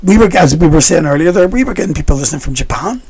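A man's voice: a little high, expressive, a crowd in the background. A man hosting a casual, bawdy chat, giggling often and telling stories. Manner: giggly, storytelling, quick to laugh. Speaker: podcast host.

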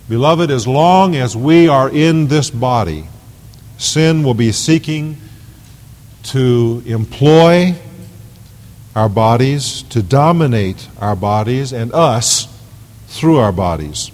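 A man delivers a sermon at an unhurried, deliberate pace, stressing key words and repeating phrases. His pitch moves animatedly up and down. The voice carries a long, echoing reverb, as if recorded in a large hall. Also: expressive, darkish tone. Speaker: pastor. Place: church sanctuary.

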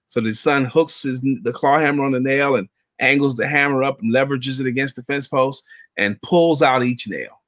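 A man's voice: mid-range voice, normal speed, dry recording. A man telling a parable on a live show, acting out the voices in his quotes. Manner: animated storyteller acting out quotes. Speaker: guest. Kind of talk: storytelling a parable.

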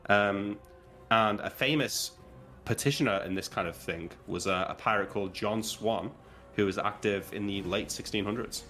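A man with a fairly low voice holds court at a tabletop game, animated and laughing as he spins a playful lecture. Faint music sits under his casual chat. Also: normal speed. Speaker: player.

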